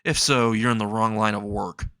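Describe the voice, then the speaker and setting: A man's voice: fairly low pitch, fairly even intonation, moderate pace, fairly bright tone, no room sound. A man voicing a cocky, sarcastic nerdy teenage boy hero, close to his own voice. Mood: sassy.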